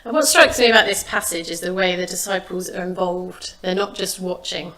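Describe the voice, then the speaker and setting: A woman preaching a sermon, retelling a Bible story in a measured, expressive way. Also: on the low side. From England. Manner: measured, expressive reading of scripture.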